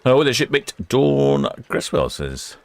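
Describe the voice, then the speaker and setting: A British man with a mid-range voice, big pitch swings, and vocal fry takes things slowly while hosting a live ship-watching stream. He chats casually and reads viewer comments aloud from a warm indoor room by the quay.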